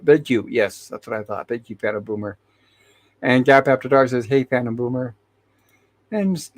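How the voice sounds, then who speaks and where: A man hosting a casual livestream who reads viewer chat messages aloud and greets each viewer by name, often restarting and correcting himself. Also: mid-range voice. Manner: hesitant, with frequent restarts and self-corrections. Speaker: livestream host.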